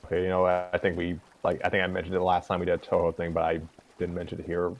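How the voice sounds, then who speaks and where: Low-voiced man narrating a fan story. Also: very fast, vocal fry, dull audio. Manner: relaxed, chatty, with fillers. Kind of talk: casual fan fiction narration.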